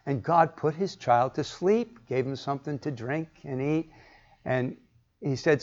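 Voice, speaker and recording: A man's voice: medium pitch, a little slow. A man teaching a Bible class, asking the group questions and acting out the lines he quotes. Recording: muffled lo-fi recording.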